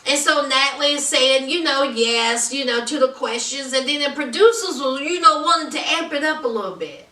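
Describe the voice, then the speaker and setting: A woman's voice: high-pitched, moderate pace, few pauses, roomy sound, far from the mic. A woman recapping a reality show in casual, gossipy commentary, acting out what people said. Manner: animated, gossipy, acts out quotes. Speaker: reality TV reviewer.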